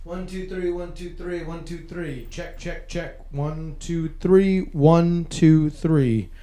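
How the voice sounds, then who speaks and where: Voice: medium pitch, slow pace, warm tone, roomy sound. A laid-back host running the tech, chatting casually while checking the microphones. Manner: laid-back, counts through mic checks. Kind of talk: casual chat during mic checks.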